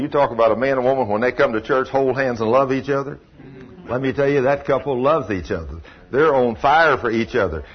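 A man's voice: medium pitch, breathy edge. A man preaching a sermon in a folksy, storytelling way with emphatic asides. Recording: dull lo-fi recording.

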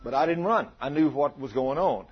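A man's voice: fairly high pitch, lively intonation, fairly quick, husky, muffled recording. A man preaching a testimony sermon in a folksy, dramatic storytelling way. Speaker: lay preacher.

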